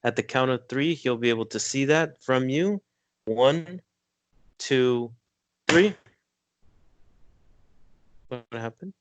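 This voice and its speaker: A man's voice: medium pitch, takes it slowly, long pauses, dry recording. A man guiding a hypnosis session, giving directions, counting to three and repeating his commands. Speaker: hypnotist and energy healer.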